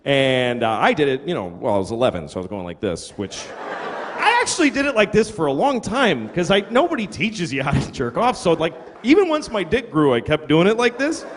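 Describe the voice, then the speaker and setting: A man's voice: fairly high pitch, big pitch swings, brisk. A middle-aged man performing stand-up comedy, telling crude, self-deprecating stories and acting out quotes. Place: comedy venue stage. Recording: reverberant hall with audience noise. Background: audience laughter.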